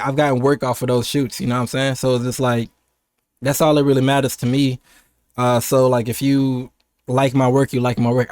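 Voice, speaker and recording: A young American man in casual livestream chat, loose and rambling, often doubling back on his words. His voice sits at an ordinary middle pitch. The sound is close and dry, with no room around it. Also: darkish tone, no echo. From United States. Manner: rambling and laid-back, with frequent laughs and restarts. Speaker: streamer.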